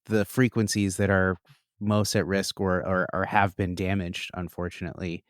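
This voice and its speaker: A man's voice: low-pitched, flat delivery, normal speed, dry recording, studio quality. A man co-hosting a podcast as its producer, easygoing and chiming in with asides and brief agreement. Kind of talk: casual chat.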